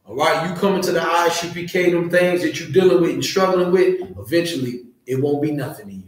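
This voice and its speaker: A man teaching a scripture class, loud and profane, fired-up like a street preacher. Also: on the high side, fast. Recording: very echoey room.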